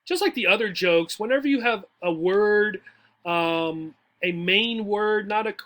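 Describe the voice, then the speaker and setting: A man's voice: sits high, measured pace, bright, forceful tone. A man teaching a lesson to English learners, patient and explanatory, who keeps checking in with "right?" as he walks through each joke. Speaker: adult education teacher.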